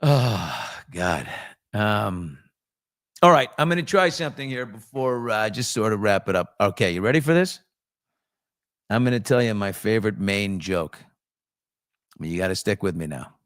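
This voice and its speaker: A man's voice: fairly low pitch, big pitch swings, normal speed, long pauses, fairly bright tone, no room sound, studio quality. A male podcast host chatting casually, telling stories and jokes candidly and swearing freely. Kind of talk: casual chat and joke telling.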